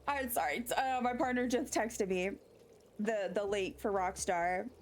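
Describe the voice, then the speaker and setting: With a mid-range voice and a measured pace, a woman talks casually while streaming a game, slight noise in the background. Her chatter drifts off on tangents as she reads out messages from chat and replies to them.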